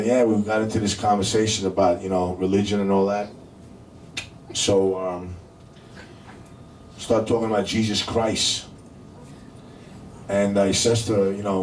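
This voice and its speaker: A man's voice: fairly low pitch, flat delivery, a little mellow, distant mic. A man hosting a comedy show, doing stand-up and teasing the crowd, stretching out his punchlines. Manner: banters with the crowd, drawn-out punchlines. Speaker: comedy club host. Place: comedy club. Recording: roomy club sound from afar with faint noise.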